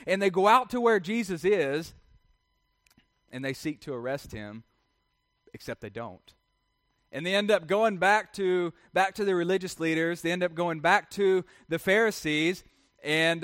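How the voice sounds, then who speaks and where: A man's voice: high-pitched, lively intonation, moderate pace, fairly bright tone, no room sound, clean studio sound. A man preaching a sermon in church, conversational and full of rhetorical questions. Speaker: pastor.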